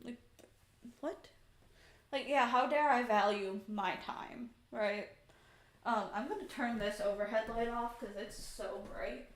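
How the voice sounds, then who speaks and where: Woman livestreamer, slightly high-pitched, animated and exasperated storyteller, roomy home echo. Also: a little slow. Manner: chatty, exasperated, animated retelling. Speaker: streamer. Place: home room with a couch. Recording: echoey room.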